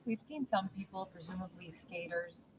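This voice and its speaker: A woman's voice: on the low side, moderate pace, a little hiss or hum. Distant woman reporter asking questions. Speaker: news reporter. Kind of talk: press conference questions. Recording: distant off-mic reporter, faint background.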